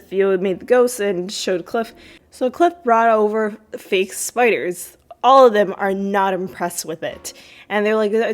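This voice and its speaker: A woman podcast host casually recaps a TV episode, rambling with many fillers and restarts. Whenever she quotes the characters, her voice leaps up high.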